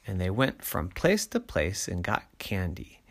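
A man reading a bedtime story aloud, unhurried and drawn out. His voice rises and falls lively, stretching words to keep little listeners hooked. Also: low voice.

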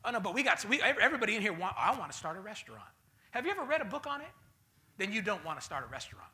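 A man preaching a sermon as pastor, swinging between loud bursts and mocking voices. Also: high-pitched, big pitch swings, rapid-fire.

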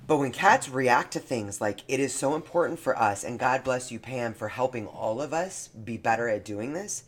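A man talks earnestly on a casual podcast, and his feeling comes through as he speaks. His voice sits at an ordinary middle pitch for a man. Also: lively intonation, moderate pace, fairly bright tone. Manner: earnest, heartfelt. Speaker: podcast co-host. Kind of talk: casual chat.

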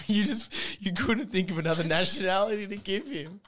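A man's voice: sits high, normal speed. A man hosting a comedy podcast, reading a silly story aloud and breaking into laughs and banter. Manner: laughs often, animated, mock-dramatic.

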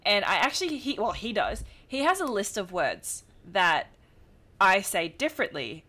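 Woman, young, Filipino English with American touches, casual podcast co-host, lively rising and falling pitch, restarts sentences. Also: normal speed. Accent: Filipino English with some American. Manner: animated, laughing, self-interrupting. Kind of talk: casual chat.

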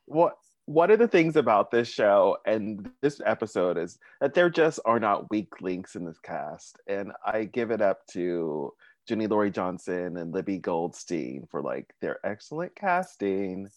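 A man's voice: lowish voice, big pitch swings, measured pace, no room sound. A man appearing as a podcast guest, chatting casually and gushing about the cast, laughing often. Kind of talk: casual chat.

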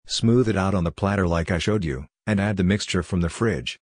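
A man's voice: deep voice, a little fast, dry recording. A man voicing a curt, bossy male head chef who barks orders in a story reading.

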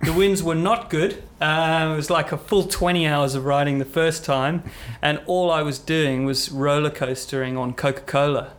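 A man's voice: fairly high pitch, steady tone, normal speed, hardly any pauses. A young man, a podcast guest telling rambling, self-mocking stories with lots of fillers. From South Africa. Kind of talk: casual conversational storytelling.

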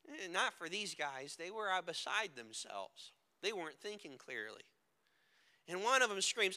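A male preacher giving a dramatic sermon, moving between hushed and loud delivery. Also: high-pitched, big pitch swings, a little slow, pauses often. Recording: echoey hall with long reverb.

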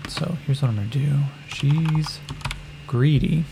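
Give me a slow, gravelly man narrating a solo tabletop game. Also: a little high, background noise. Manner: relaxed and unhurried, with many fillers.

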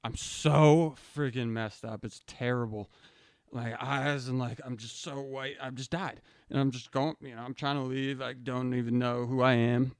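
A man's voice: medium pitch, fairly even intonation, moderate pace, clean tone, no room sound. Rambling man telling a story, dry sound. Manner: rambling, slangy, says "dude" often, frequent restarts. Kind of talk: casual storytelling.

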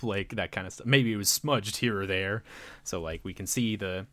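A man casually recapping a movie plot, rambling with many fillers and quick voiced quotes. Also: fairly low pitch, sharp tone, no room sound. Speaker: podcast co-host.

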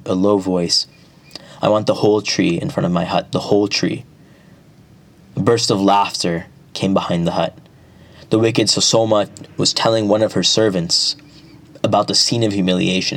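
A man narrating an epic folk tale at a measured pace, with small restarts. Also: sits low. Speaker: storyteller.

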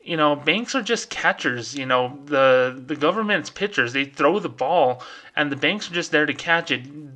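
A man hosting his own podcast, ranting in a casual, fired-up way and slipping into quick mocking voices. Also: medium pitch, sharp tone. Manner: fired-up, ranting, mimics people in quick asides. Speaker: podcast host.

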